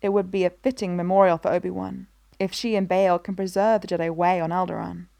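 Woman, story narration, even and measured, lowish voice, dry close recording. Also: gravelly, dry recording. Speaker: reader. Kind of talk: scripted narration of a fan story.

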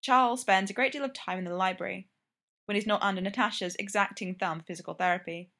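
A woman reads a long story aloud, her voice sitting at a middle pitch. She narrates steadily and evenly, keeping an unhurried storytelling pace. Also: a bit bright. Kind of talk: reading fan fiction aloud.

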